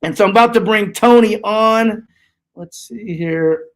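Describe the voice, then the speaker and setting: A man's voice: sits high, a little slow. A man in his forties hosting a podcast, loose and joking with hype-man energy. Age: 40s. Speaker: podcast host. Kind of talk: casual chat.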